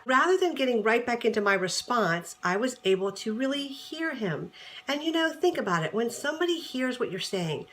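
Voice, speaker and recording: A woman relationship coach giving casual advice straight to camera, chatty and animated, acting out bits of dialogue as she explains. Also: on the high side, normal speed.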